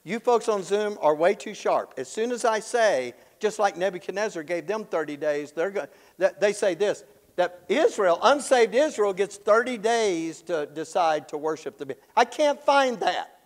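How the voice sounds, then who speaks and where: A man teaching the Bible in an animated storytelling way, acting out the characters and chuckling often. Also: high voice, moderate pace, big-room sound, poor audio.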